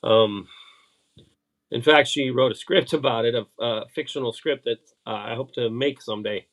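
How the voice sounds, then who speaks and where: Halting middle-aged man chatting casually. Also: mid-range voice, fairly bright tone. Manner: halting, many fillers and restarts. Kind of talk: casual chat.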